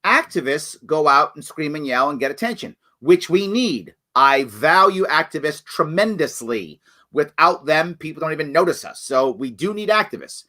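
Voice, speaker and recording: Reading viewer comments aloud on his live political Q&A program, this man answers with animated sincerity that shifts between loud emphasis and soft apology. His pitch leans high and his pace is normal.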